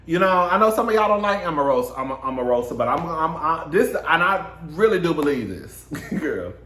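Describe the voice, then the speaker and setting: Give me a sassy, animated man dishing gossip and cursing, recorded in an echoey room. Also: a little high, brisk, slight background noise. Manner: sassy, swearing, laughing often, calls listeners girl and honey. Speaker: gossip commentator. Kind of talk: casual celebrity gossip monologue.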